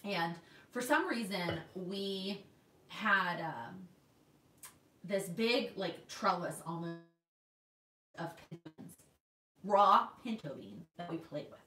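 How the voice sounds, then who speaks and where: A woman's voice: fairly low pitch, slow pace, long pauses, pushed and bright, roomy sound, far from the mic. A woman in her twenties from Texas, chatting casually on a livestream and reading out viewer comments. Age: 20s. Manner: chatty, reads viewer comments aloud, restarts often. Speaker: planner vlogger. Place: home in New York.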